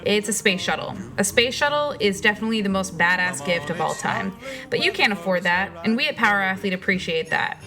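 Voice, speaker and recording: A woman's voice: mid-range voice, lively intonation, brisk. A woman reading a scripted promo in a playful, punchy delivery. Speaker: ad narrator. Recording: voice over music.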